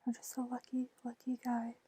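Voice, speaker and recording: A woman in whispered role-play voicing an old male con man, in a soft unvoiced whisper. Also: a little high, monotone, moderate pace, breathy edge, rough recording. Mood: sly.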